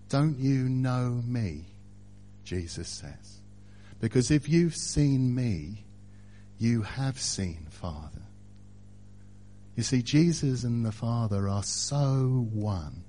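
A man preaching a sermon, speaking deliberately and building to louder emphatic passages. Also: fairly low pitch, slight background noise.

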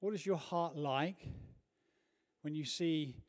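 A man preaching a sermon in a church, telling a personal story earnestly, moving from hushed to loud. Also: a little high, slow.

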